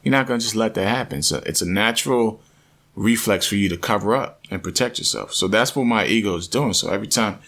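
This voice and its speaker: A man vlogging a personal story, earnest and animated, often restarting and repeating himself. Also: on the low side, brisk, creaky.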